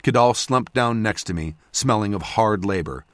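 Expressive man narrating an audiobook. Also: on the low side, moderate pace, no echo. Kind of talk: scripted first-person narration.

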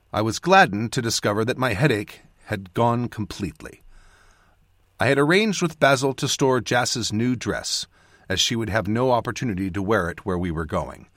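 A man reading his own fantasy audiobook in expressive, lively storytelling narration. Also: fairly low pitch, no room sound, studio quality. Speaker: author and narrator.

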